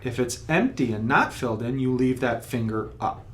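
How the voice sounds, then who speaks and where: A man's voice: medium pitch, animated, normal speed, fairly bright tone, a little hiss or hum. A man teaching a beginner trumpet lesson, explaining patiently step by step and sounding out rhythms as he goes. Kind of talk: instructional video lesson.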